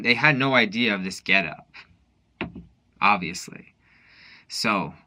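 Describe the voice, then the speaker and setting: A man's voice: medium pitch, bright, forceful tone. A drunk man rambling through a late-night monologue in a put-on Irish accent that drifts toward Newfoundland, full of restarts. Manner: rambling, halting, with many restarts. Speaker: vlogger.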